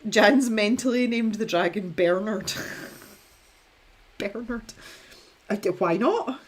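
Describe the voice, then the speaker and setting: Slow and slightly rough, this medium-pitched voice belongs to a young Scottish art streamer. She paints on a live stream while chatting in a wandering, self-deprecating way, laughing often.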